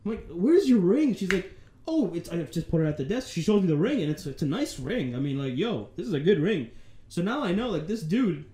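Animated young man telling a story. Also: a little high, brisk. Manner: animated, acts out dialogue, swears freely. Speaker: podcast co-host. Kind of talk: casual storytelling.

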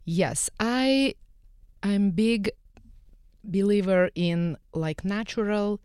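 Russian-accented woman, smooth clear voice. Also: mid-range voice, extremely slow, a little mellow, no room sound, studio quality. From Eastern Europe. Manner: earnest, slightly broken English. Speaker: salon owner and skin care specialist. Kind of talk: radio panel talk.

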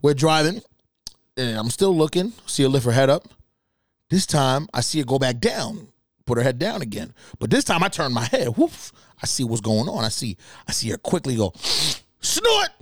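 A man hosting a podcast alone, telling stories in casual, profane, animated talk with laughs. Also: medium pitch, moderate pace, no room sound, clean studio sound. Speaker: podcast host. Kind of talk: casual solo storytelling.

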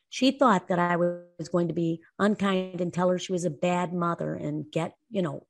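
A woman co-hosting a talk show, telling a personal story in an earnest, lively way. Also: on the low side, normal speed, creaky, hardly any pauses. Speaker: co-host. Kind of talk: casual podcast talk.

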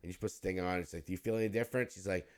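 A man's voice: low-pitched, fairly even intonation, racing, darkish tone. A man co-hosting a podcast in casual chat, a rambling storyteller who laughs and curses freely. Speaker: podcast co-host.

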